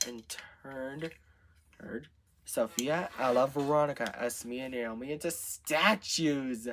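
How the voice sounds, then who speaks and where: A man improvising a story out loud, narrating in a halting way with restarts. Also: medium pitch, slight background noise.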